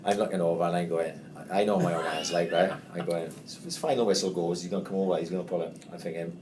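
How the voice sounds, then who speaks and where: A man hosting a podcast, telling an animated, sweary story and acting out the quotes. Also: deep voice, fast talker, noisy background. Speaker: podcast host. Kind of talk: casual storytelling chat.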